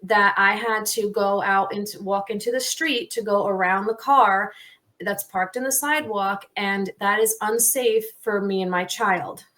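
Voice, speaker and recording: A middle-aged woman co-hosting a podcast, telling a story in a lively, casual way and laughing often. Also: mid-range voice, unhurried. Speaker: podcast co-host. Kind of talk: casual chat.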